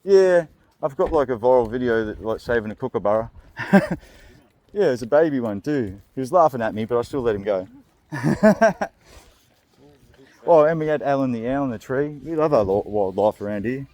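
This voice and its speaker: A man's voice: mid-range voice, lively intonation, normal speed, pauses often, darkish tone. A young Australian man rambling through a comedic vlog, crude and joking, often laughing. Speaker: vlog host.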